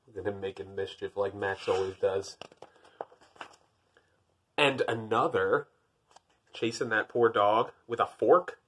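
A man's voice: lowish voice, fairly even intonation, slow pace, pauses often, a bit bright, slight background noise. A man reading a picture book aloud, breaking off for dry, wry, self-deprecating jokes between the pages. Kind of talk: storybook reading with joking asides.

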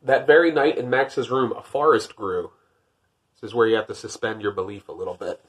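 A man reading a picture book aloud, lifting his voice for the narration and dropping to wry, deadpan jokes in between. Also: a little fast, slightly rough. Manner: wry, deadpan joking asides; rises for narration, drops low for asides. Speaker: podcast host.

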